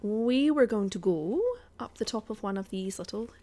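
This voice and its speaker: A woman's voice: medium pitch, expressive, normal speed, warm tone. A woman streaming a survival game from home, chatting and thinking aloud in a put-on Scottish accent and poking fun at herself. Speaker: guest streamer. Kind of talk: casual gameplay commentary.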